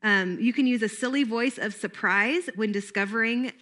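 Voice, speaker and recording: A woman's voice: a little high, moderate pace, a bit bright. A woman giving a recorded training talk in an upbeat, playful teaching manner.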